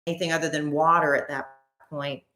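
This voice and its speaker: A woman co-hosting a podcast, telling a story in a casual, animated way and acting out what people said. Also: sits low, fairly quick, reverberant. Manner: animated, acts out quoted voices. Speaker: podcast co-host.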